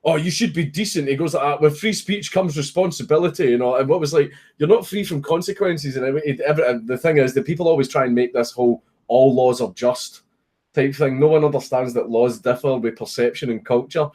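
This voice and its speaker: Animated Scottish man telling a story. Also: mid-range voice, fairly quick. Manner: animated, swearing, laughing at his own story. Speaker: streamer. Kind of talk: casual storytelling chat.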